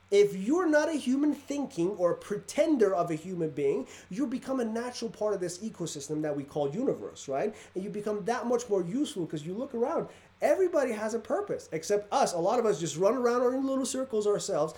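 High-voiced man telling animated stories. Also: fairly quick. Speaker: podcast host. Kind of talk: casual storytelling interview.

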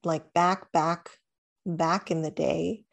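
A woman's voice: lowish voice, fairly even intonation, takes it slowly, vocal fry. Giggly, chatty young woman. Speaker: podcast co-host. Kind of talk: casual chat.

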